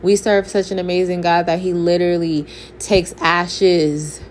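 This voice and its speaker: A woman's voice: fairly low pitch, little pitch movement, unhurried. A young adult woman gives a candid, preachy faith testimony, speaking straight to her viewers in a casual way. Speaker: faith vlogger. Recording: faint background noise.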